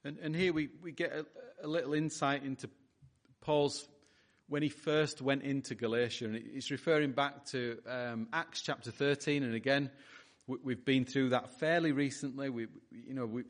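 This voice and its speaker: A man's voice: mid-range voice, steady tone, moderate pace. A man pastor preaching a sermon in an earnest way, often restarting and repeating words as he talks.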